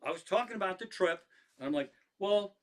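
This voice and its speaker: A stand-up comedian tells rambling, profane stories to a live stream audience in a casual way, frequently restarting his sentences. His voice sits high, and he's animated and talks fast.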